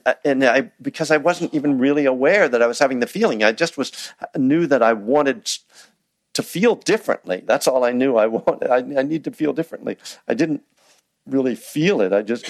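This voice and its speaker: A man's voice: mid-range voice, no echo. A man giving a dharma talk as a meditation teacher, speaking conversationally with frequent restarts and fillers, acting out inner thoughts in quoted asides. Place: meditation hall.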